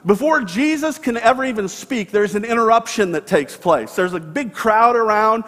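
A man's voice: sits high, expressive, normal speed, a bit bright, long reverb tail. A man preaching a sermon as pastor, retelling a story earnestly and acting out the quoted voices. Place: church sanctuary.

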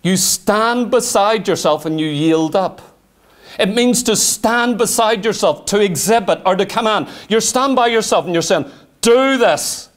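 High-voiced fervent male preacher. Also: moderate pace. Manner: fervent, rhetorical questions and self-dialogue. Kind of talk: sermon.

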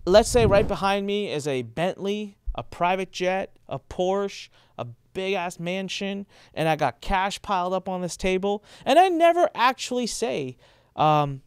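Speaking to camera in a relaxed way, this male host walks through marketing compliance rules at an unhurried pace. His clean, lively voice comes through dry with studio quality, and he stresses points emphatically, lifting his pitch to act out the people he quotes.

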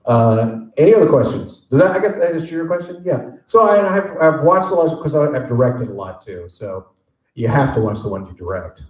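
Lively, joking man in his fifties. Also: medium pitch, normal speed. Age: 50s. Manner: animated joking storyteller. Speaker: voice actor panelist. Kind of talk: casual convention Q&A. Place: large convention panel room. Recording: echoey convention hall.

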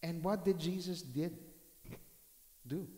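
A male pastor delivering a sermon, reading scripture aloud and breaking into dramatic shouted reenactments. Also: a little high, slow pace. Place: church hall. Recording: roomy church hall with long reverb.

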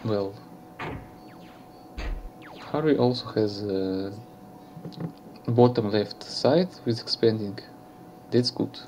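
A man from Russia with a Russian accent, commentating a strategy game match in halting English with many fillers and self-corrections. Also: on the low side, a little mellow, slight background noise.

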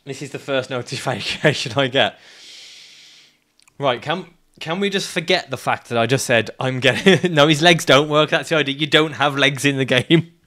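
A man's voice: mid-range voice, normal speed, sharp tone. A man streaming a climbing game, ranting, swearing and laughing at his climber as he plays. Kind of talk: live gameplay commentary.

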